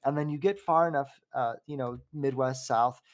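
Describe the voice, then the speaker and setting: A man in his twenties, hosting a casual podcast conversation. He rambles openly and warmly through a personal story, circling back and restarting his sentences as he goes. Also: mid-range voice, normal speed. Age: 20s. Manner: rambling and heartfelt, with frequent fillers and restarts. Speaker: podcast host.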